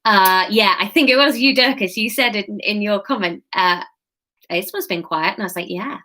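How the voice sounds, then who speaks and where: A woman's voice: mid-range voice, fairly quick, bright, forceful tone. Woman reading a live story for her viewers, keeps stopping to chat with them and laugh. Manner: chatty asides to viewers, frequent laughter. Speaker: host and storyteller.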